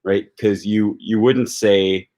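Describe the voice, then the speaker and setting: A man with a fairly low voice chats loosely on a livestream, thinking out loud as he goes. He fills his pauses with ums and uhs and turns to answer questions from viewers. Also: fairly even intonation. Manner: thinks aloud with many fillers, answers viewer comments. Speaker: language-learning YouTuber hosting a live discussion. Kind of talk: casual livestream chat.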